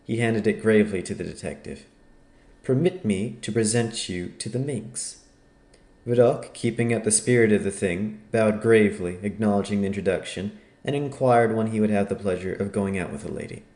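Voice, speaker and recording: A man narrating an audiobook in a measured storytelling manner. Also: fairly low pitch, darkish tone, echoey room. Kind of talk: scripted narration.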